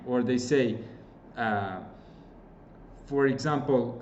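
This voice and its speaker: A Kurdish-accented man teaches English skills, repeating examples and filling pauses with "uh". His fairly high voice moves a lot in pitch. The recording is roomy and a bit muffled. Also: big pitch swings, darkish tone. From Kurdistan region of Iraq. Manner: explains with repeated examples, frequent fillers. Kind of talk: online lecture.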